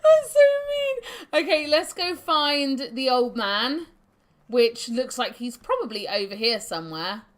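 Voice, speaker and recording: A woman's voice: a little high, animated, measured pace, a bit bright. A woman streamer casually chatting through a video game, making giggly asides. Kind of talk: casual live-stream commentary.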